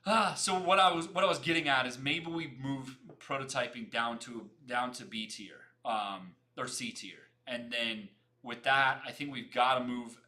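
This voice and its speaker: A young man hosting a casual livestream, talking fast, repeating himself and greeting viewers by name as he chats. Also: medium pitch, pushed and bright. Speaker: livestream host.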